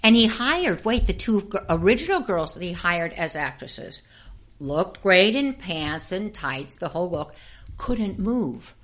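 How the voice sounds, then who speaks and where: An older woman, a former actress and dancer, telling lively anecdotes as an interview guest and acting out the people she quotes. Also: on the low side, a little slow. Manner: lively storyteller who acts out quoted voices and laughs often. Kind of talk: casual anecdotal storytelling.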